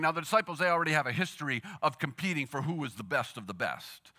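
Animated, bright-voiced male preacher. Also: fairly high pitch, quick pace. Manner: animated, conversational storytelling with acted quotes. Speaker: pastor. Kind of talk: sermon.

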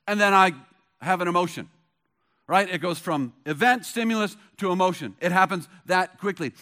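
A man's voice: high-pitched, a bit bright. A middle-aged male pastor preaching a sermon, telling stories conversationally and pushing hard on key points. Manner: conversational storytelling with bursts of emphasis.

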